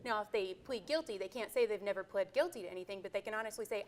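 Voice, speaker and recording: Woman, lawyer, fast clear explainer, courtroom setting. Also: mid-range voice. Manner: brisk and clear. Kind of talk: explaining legal terms.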